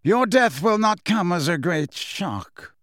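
A man's voice: high voice, very animated, slow, fairly bright tone, no room sound, studio quality, exaggerated voice. Man doing a drawling, sneering aristocrat. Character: cold, sneering aristocratic male wizard.

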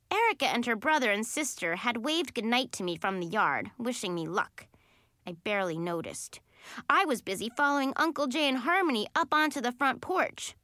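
A woman reading a first-person children's book aloud in an animated, expressive way. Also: a little high, moderate pace, no room sound, clean studio sound. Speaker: audiobook narrator.

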